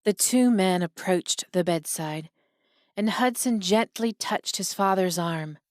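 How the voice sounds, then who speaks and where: A woman reading a romance audiobook in an even, measured scripted narration. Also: medium pitch, no echo, clean studio sound.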